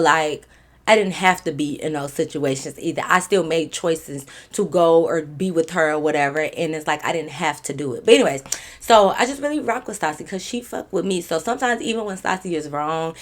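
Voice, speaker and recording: A young woman casually telling a storytime, animated and slangy, swearing freely and dropping to quiet asides. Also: fairly low pitch. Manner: quiet asides that drop to a whisper.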